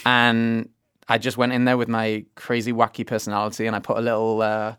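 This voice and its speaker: Animated young Englishman with an English accent. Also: mid-range voice, clean tone, no echo, studio quality. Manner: animated storyteller, quick bursts of laughter. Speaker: musical theatre actor and pianist. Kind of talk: casual interview chat.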